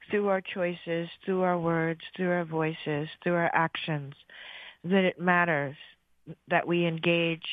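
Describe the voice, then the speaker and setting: A woman leading a guided meditation, giving slow, soothing breathing instructions after playing a song. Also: lowish voice, no echo. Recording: thin phone-like dry audio.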